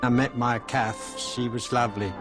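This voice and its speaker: A man's voice: mid-range voice, steady tone, normal speed, over music. An older man fondly recalls old memories with dry humor. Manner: fond, storytelling, dry humor.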